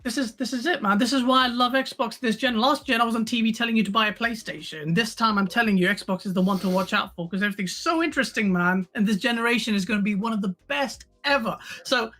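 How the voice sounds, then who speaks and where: A woman's voice: on the high side, fast, hardly any pauses, a bit bright. Playful woman hosting a live stream. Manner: playful, teasing, laughs often. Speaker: host.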